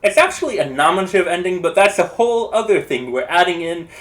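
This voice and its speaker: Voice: medium pitch, very animated, fast, a bit bright. A language video creator explaining translation in a casual, think-aloud way, often hedging and restarting.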